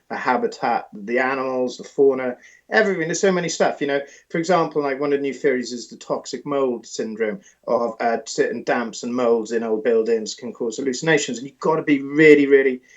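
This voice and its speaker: A man from Britain telling stories in an interview as a paranormal author, animated and rambling with restarts. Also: mid-range voice, highs cut off. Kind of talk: interview storytelling.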